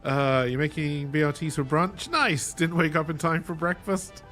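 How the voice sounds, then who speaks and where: A man's voice: fairly high pitch, normal speed, a bit bright, faint music behind. A man chatting casually on a live game stream, reading and answering chat and laughing easily.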